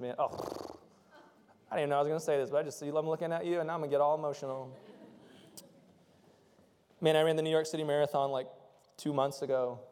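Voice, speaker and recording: A male pastor preaching a conversational sermon, swinging from loud, impassioned stretches to soft, intimate ones. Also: fairly high pitch, in a large hall.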